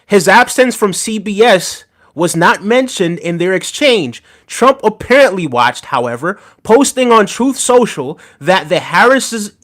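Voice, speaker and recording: A man's voice: sits high, a bit bright. A man casually chatting on a live stream about politics, mocking and talking straight to his viewers' messages. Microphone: desk microphone.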